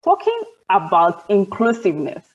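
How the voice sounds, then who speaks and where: A woman's voice: mid-range voice, huge pitch swings, normal speed, highs cut off. A woman, moderating an online panel and framing long questions for the guests. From Ghana.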